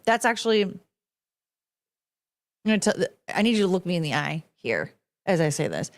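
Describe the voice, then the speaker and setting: A woman's voice: on the low side, sing-song, moderate pace, long pauses. Blunt, sarcastic young woman ranting. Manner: blunt and sarcastic, swears freely, laughs often. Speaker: podcast host. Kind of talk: solo casual chat, ranting to a camera.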